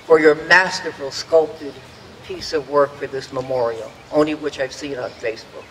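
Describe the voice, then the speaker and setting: A man's voice: mid-range voice, fairly even intonation, normal speed, big-room sound, a crowd in the background, rough recording. An older man giving a prepared, earnest speech at an outdoor memorial dedication, reminiscing about the past and acting out the voices he quotes. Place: outdoors at a public dedication ceremony.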